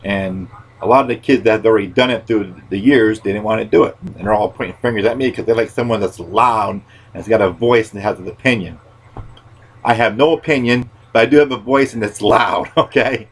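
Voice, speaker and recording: A man hosting a podcast, telling a story in a loud, rambling way and swearing freely. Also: fairly low pitch, brisk, rough recording. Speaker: podcast host.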